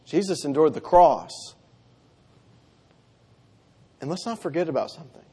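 A man preaching a sermon, reading scripture and speaking earnestly, with emphatic repetition and quiet, solemn drops. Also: expressive, a little slow, pauses often, breathy edge. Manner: earnest, emphatic, dropping low for solemn lines.

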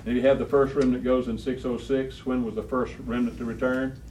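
A man's voice: mid-range voice, level tone, fairly quick, a little mellow. A man teaching a Bible study class, quizzing the students and repeating key phrases with emphasis. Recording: roomy, distant, faint room noise.

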